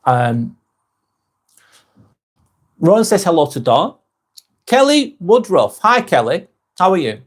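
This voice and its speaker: A man's voice: sits high, very animated. Man hosting a live stream. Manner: chatty, with filler "um"s and quick apologies. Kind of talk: casual live-stream chat, reading comments aloud.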